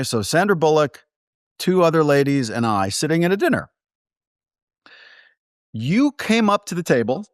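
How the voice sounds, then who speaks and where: A film producer tells casual, animated stories in an interview, acting out the dialogue he quotes. His voice is a little high, captured in clean studio sound with no room sound.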